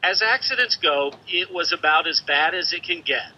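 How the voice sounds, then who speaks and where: A male television reporter narrating a news story in a crisp, measured reporting cadence. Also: on the high side, expressive, slight background noise. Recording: dull broadcast news audio.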